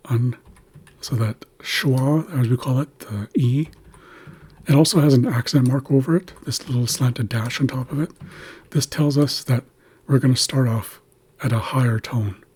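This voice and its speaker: Man, very breathy and husky voice, mid pitch; patient language teacher who sounds out words syllable by syllable. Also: a little mellow. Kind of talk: explaining pronunciation of an Indigenous language.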